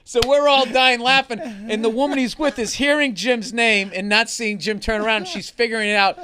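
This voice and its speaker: A comedian in casual podcast chat, telling animated stories and swearing often. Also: male voice, very high voice, normal speed, a crowd in the background.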